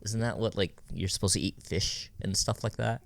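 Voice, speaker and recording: A man's voice: lowish voice, fairly even intonation, moderate pace, gravelly, no echo, clean studio sound. A man co-hosting a podcast in casual chat, loose and rambling, laughing often. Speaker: podcast co-host.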